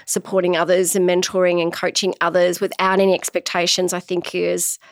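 A woman's voice: fairly low pitch, brisk, dry recording, clean studio sound. A middle-aged woman from Australia, a business founder, talking earnestly as a podcast guest and acting out what others said. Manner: earnest, animated storytelling, quotes herself and others. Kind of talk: casual interview chat.

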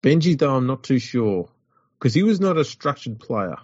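A man's voice: mid-range voice, very animated, moderate pace, a little mellow, no room sound. A man, co-hosting a sports chat show, rambling and wry. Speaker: podcast co-host. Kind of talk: casual chat. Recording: dull lo-fi audio.

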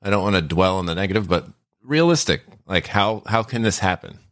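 A man in his thirties with a very low voice joins a podcast as guest and producer. He speaks in a calm, measured way, practical and unhurried in casual chat.

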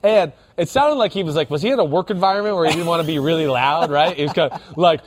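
A man's voice: on the high side, fast, hardly any pauses. A man co-hosting a podcast, chatting casually and joking while critiquing listener submissions. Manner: animated, joking, critiquing snap counts. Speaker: podcast co-host. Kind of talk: casual chat.

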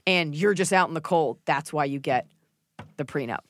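A woman's voice: low voice, moderate pace. A woman hosting a podcast in casual chat, blunt and opinionated, swearing freely and mimicking people in silly voices. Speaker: podcast host.

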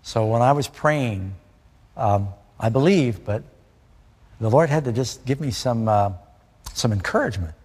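A man's voice: medium pitch, lively intonation, a little slow, long pauses, a little mellow, husky, in a large hall. A man from New York City preaching a conversational sermon, often putting questions to his listeners.

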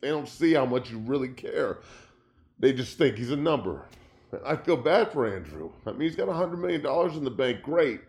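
A man's voice: medium pitch, expressive, moderate pace, darkish tone. A middle-aged man, a former pro football player, hosting a sports talk show from his studio, speaking with passion, swearing freely, his voice climbing when he gets worked up. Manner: impassioned, profane, voice rising when upset. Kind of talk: emotional sports talk monologue. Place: home studio.

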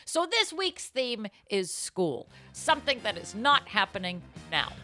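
A woman's voice: on the high side, very animated, measured pace, bright, forceful tone, faint music behind. A woman co-hosting a comedy podcast, telling rambling, giggly stories full of silly wordplay. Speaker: podcast co-host. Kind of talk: casual comedic chat.

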